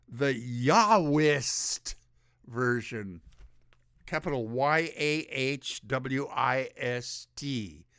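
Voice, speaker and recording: A man's voice: mid-range voice, a bit bright, clean tone, no room sound, studio quality. A man hosting his own show, giving rambling, sarcastic solo commentary. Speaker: show host.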